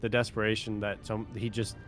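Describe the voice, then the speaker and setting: A man co-hosting a casual TV review chat, thoughtful and a little halting, with music faintly behind. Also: lowish voice, flat delivery. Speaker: podcast co-host.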